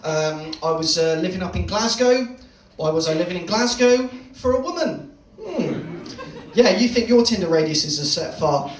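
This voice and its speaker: A man's voice: sits high, normal speed, noisy background. Man doing stand-up in a roomy club. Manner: swearing, deadpan storytelling with crowd work. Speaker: stand-up comedian. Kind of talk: stand-up set. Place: comedy club stage, live audience. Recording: roomy club sound from a distance.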